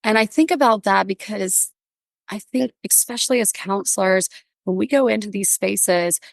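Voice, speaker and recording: A woman guest on a podcast, bubbly and animated, telling stories and acting out little voices in casual interview chat. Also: medium pitch, moderate pace, creaky, no echo, clean studio sound. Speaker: podcast guest, workplace wellbeing speaker.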